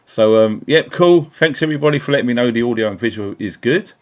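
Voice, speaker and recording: A man's voice: mid-range voice, expressive, quick pace. A man from England hosting a casual live stream, upbeat and chatty, greeting viewers by name with lots of ums, into a small desk mic. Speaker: livestream host. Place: indoors at a computer. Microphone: small desk mic on keyboard.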